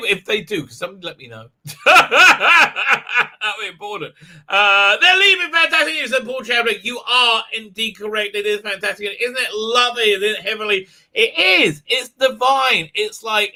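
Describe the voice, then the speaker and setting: A man with an Israeli accent chats casually on his live stream from a home office. His voice sits high and sounds very bright. He rambles, swears freely and laughs between comments. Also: expressive, normal speed, few pauses. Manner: rambling, profane, laughs often, many fillers.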